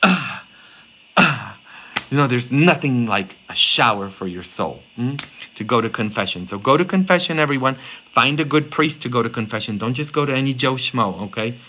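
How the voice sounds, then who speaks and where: Middle-aged man, priest giving an animated sermon; bright voice, peppers lines with "huh?". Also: mid-range voice, a little fast, slight background noise, poor audio. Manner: animated storytelling, rhetorical "huh?" tag questions.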